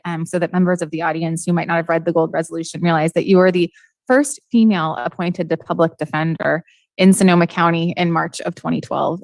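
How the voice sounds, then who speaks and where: A woman's voice: lowish voice, no room sound. A woman chairing a county board meeting, paying an effusive, admiring tribute to a retiring colleague over a video call. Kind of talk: formal tribute at a public meeting.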